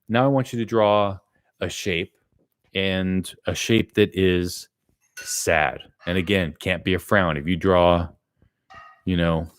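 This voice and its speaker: A middle-aged man teaching an art lesson live, thinking aloud as he draws, rambling with many fillers. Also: deep voice.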